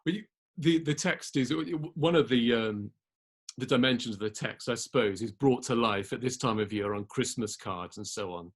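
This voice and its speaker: A man interviewing a guest, asking long questions in a halting way and searching for words as he goes. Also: mid-range voice, breathy edge. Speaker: interviewer, college chaplain.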